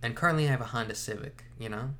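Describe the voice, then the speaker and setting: A man co-hosting a relaxed conversation, speaking at an ordinary middle pitch. He rambles and jokes, often stopping to correct himself mid-thought. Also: rapid-fire. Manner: rambling, jokey, self-correcting. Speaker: podcast co-host. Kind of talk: casual chat.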